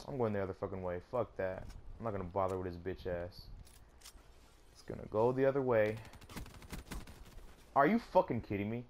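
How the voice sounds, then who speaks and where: A man's voice: sits low, a little fast, pauses often, a little mellow, slight background noise. A young man commentating his own gameplay, swearing constantly and letting out sudden angry outbursts. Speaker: gaming YouTuber.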